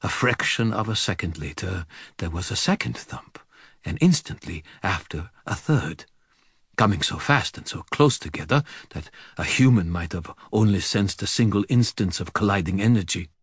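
Male narrator, deep husky voice, lively delivery, dry recording. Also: moderate pace, no room sound. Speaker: audiobook narrator. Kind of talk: first-person story narration.

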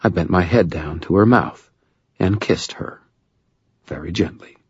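Male audiobook narrator, very low, husky voice, dry wry delivery, muffled recording. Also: measured pace, a little mellow, no echo. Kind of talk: first-person scripted narration.

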